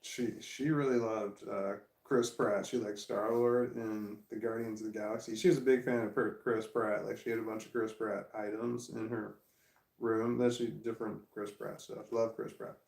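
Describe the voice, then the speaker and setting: A man's voice: on the low side, little pitch movement, normal speed, vocal fry, darkish tone. A middle-aged man telling a rambling story in a casual vlog, often breaking into laughter mid-sentence. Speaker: vlogger. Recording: echoey room.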